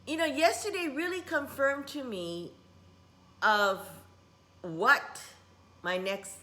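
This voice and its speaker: A middle-aged woman who teaches spiritual workshops, rambling in a casual vlog and dropping in Japanese words. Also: a little high. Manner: rambling, warm-hearted, mixes in Japanese words.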